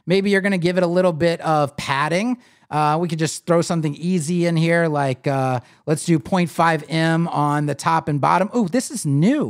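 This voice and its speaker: High-voiced man teaching web design live. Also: moderate pace. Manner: casual, animated, talks to viewers while clicking. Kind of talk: live screen-share tutorial.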